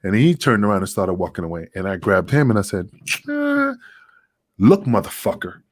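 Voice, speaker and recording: A man's voice: low-pitched, fast talker, no room sound, clean studio sound. A middle-aged man, a podcast guest, telling a story casually with heavy swearing, acting out the dialogue as he goes. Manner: profane, animated, acts out dialogue.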